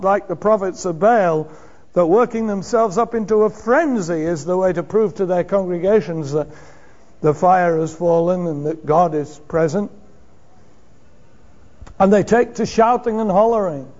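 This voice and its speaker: A man preaching a sermon in a church, emphatic and measured, asking rhetorical questions and chuckling now and then. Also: high voice, darkish tone. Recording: dull lo-fi sermon recording.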